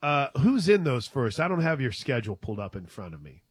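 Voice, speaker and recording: A man's voice: mid-range voice, sing-song, fairly quick, husky, no room sound. A man hosting a casual sports talk show, upbeat and teasing as he steers the chat. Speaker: host.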